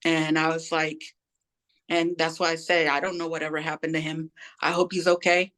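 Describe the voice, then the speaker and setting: Her voice sits low and a bit bright, with a flat delivery at a moderate pace. The middle-aged woman is an interview guest sharing her life story frankly in casual slang, voicing the people she quotes.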